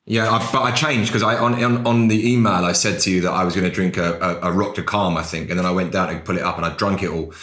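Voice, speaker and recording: A man's voice: sits low, steady tone, fast talker, few pauses, fairly bright tone. A middle-aged English actor, chatting wryly in an interview, often restarting his sentences. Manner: wry, self-deprecating, frequent restarts. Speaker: actor guest. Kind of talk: casual interview chat. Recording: echoey room.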